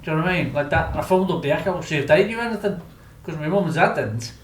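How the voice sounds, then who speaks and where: Very fast and a little high, with lively intonation, a rambling Scouse man from Liverpool, England, tells stories casually as a guest. He keeps saying things like "do you know what I mean," and the recording is made in an echoey room with faint noise.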